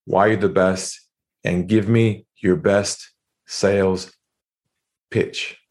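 A man with a fairly low voice talks as a guest on a podcast. He tells a sales story and acts out the phone calls in shifting voices. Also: fairly even intonation, slow, a little mellow. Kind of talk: storytelling interview talk.

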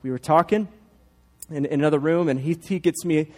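Animated storytelling man pastor. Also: a little high, a little fast. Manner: animated storyteller, playful asides. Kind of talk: sermon with storytelling.

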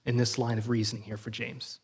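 A man's voice: mid-range voice, flat delivery, a little fast, gravelly, breathy edge. A male pastor giving an earnest, conversational sermon and often checking in with the congregation.

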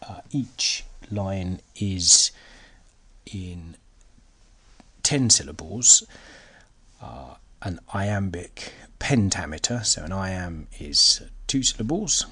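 A man with a low-sitting voice hosts a solo educational podcast, recorded on a laptop. He's animated but takes it slowly, with a sharp, breathy-edged tone, and he talks hesitantly, full of fillers and restarts, sometimes sinking almost to a whisper.

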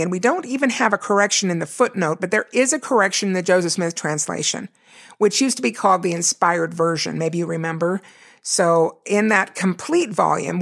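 A woman giving a conversational scripture lesson. She reads verses aloud and explains them with casual asides. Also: mid-range voice. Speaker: scripture teacher.

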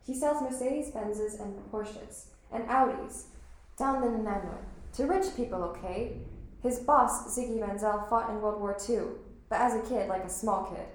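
A woman's voice: medium pitch, moderate pace, lightly acted. A woman playing a defensive, earnest teenage schoolgirl who insists on her point, in a stage play. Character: defensive, earnest teen girl student. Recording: very echoey hall.

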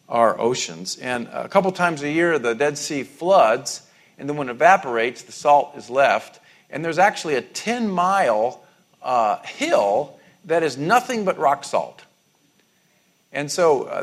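A man preaching a sermon in a conversational way, often repeating and restarting words, and rising sharply in pitch on emphatic words. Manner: rises to emphatic high-pitched stresses on key words. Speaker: pastor.

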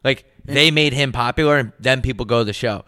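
A man's voice: mid-range voice, a little fast, pushed and bright, no room sound, studio quality. A young man co-hosting a casual podcast, talking loosely with lots of fillers and swearing. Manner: laid-back, filler-heavy, swears a lot. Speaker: podcast co-host. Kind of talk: casual chat.

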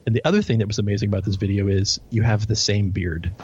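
A man's voice: fairly low pitch, steady tone, quick pace, background noise. A man co-hosting a podcast, telling stories animatedly in casual chat, often stammering and repeating words. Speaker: podcast co-host. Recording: dull lo-fi audio.

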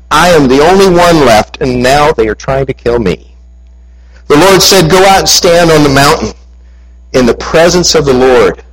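Man preaching a lively sermon. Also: on the high side, poor audio. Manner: storytelling, reading scripture aloud with lively emphasis.

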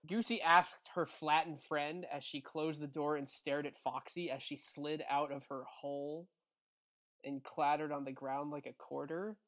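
A man's voice: on the high side, steady tone, unhurried, fairly bright tone. A man co-hosting a podcast, reading fan fiction aloud in a wry, casual way. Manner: wry, laughs while reading. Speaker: podcast co-host.

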